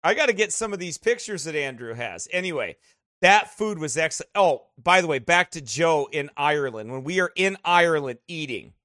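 Lively, bright-voiced American pastor. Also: male voice, a little high, brisk, dry recording, studio quality. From United States. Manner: animated, laughing storyteller. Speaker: pastor hosting a Bible study. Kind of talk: casual chat before a Bible study.

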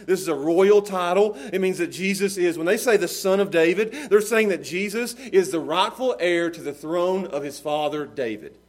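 A man preaching a sermon as pastor, moving between hushed, earnest passages and loud, fervent cries. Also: sits high, moderate pace, hardly any pauses. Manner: dynamic preaching, swinging from hushed to shouting.

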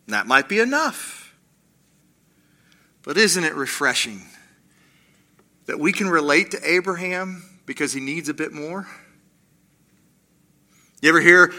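A man delivering a sermon in a high, bright, sharp-edged voice. His pitch swings widely as he acts out the voices he quotes. He slows to a hush on the lines he wants to land. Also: lively intonation. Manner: drops to slow quiet emphasis on key lines. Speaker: pastor.

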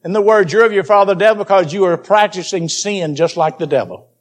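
High-voiced man preaching emphatically. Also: fast talker. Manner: emphatic, repeats key phrases for stress. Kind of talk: Bible teaching sermon.

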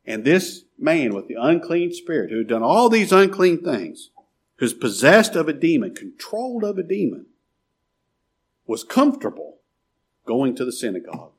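A man preaching a sermon as pastor, asking rhetorical questions and dropping suddenly to a quiet murmur. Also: a little high, very animated, moderate pace, slightly rough.

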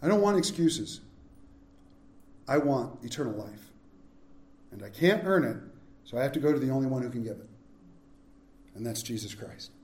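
A man pastor preaching a sermon, swinging between loud, emphatic lines and hushed, slow ones. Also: mid-range voice, expressive, roomy sound.

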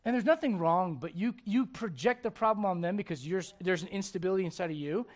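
A man's voice: high-pitched, fast. A male pastor preaching a sermon with emphatic storytelling and direct questions to the congregation.

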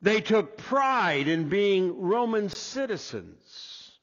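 A man preaching a sermon as pastor, deliberate and restarting his first words. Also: high voice, sing-song, fairly bright tone. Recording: dull lo-fi echoey hall.

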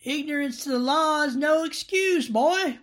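A man's voice: very high-pitched, fairly bright tone, pitched above the performer's own voice. A man voicing a stern traffic cop with a put-on drawl, scolding a driver. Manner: scolding, drawn-out. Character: stern small-town male traffic cop.

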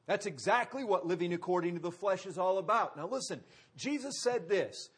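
A man preaching a sermon, driving points home with emphatic repetition and dramatic pauses. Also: high-pitched, animated, a bit bright, husky. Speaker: pastor.

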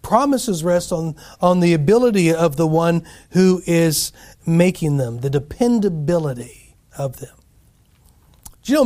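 A man's voice: on the high side, darkish tone. A man preaching a sermon in a folksy, conversational way, repeating phrases and restarting sentences often. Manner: folksy, repetitive, frequent restarts.

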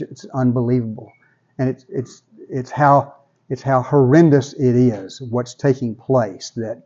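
A man's voice: medium pitch, a little mellow, muffled recording. A man preaching a sermon in a conversational way, often repeating words as he builds toward a point. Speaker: pastor.

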